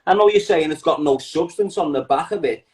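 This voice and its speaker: A man's voice: a little high, a little fast, darkish tone. A man with a Liverpool accent talking bluntly in a heated casual chat, mocking and profane as an interview guest.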